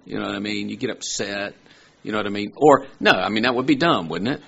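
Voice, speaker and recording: Gravelly, husky male preacher, lo-fi. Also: fairly low pitch, fast talker, a bit bright. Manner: conversational, asks rhetorical questions, rises to emphatic peaks. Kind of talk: sermon.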